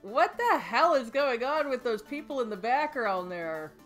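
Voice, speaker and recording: A woman's voice: fairly high pitch, sing-song, a little slow. A woman hosting a let's play, chatting casually and playfully over her gameplay with light game music behind her. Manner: playful, reads game dialogue aloud in put-on voices.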